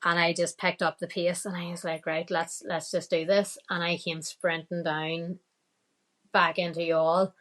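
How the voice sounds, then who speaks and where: A woman's voice: fairly low pitch, level tone, unhurried, a bit bright. A woman with a Northern Irish accent, a podcast guest telling a story casually, quoting her own thoughts and laughing often.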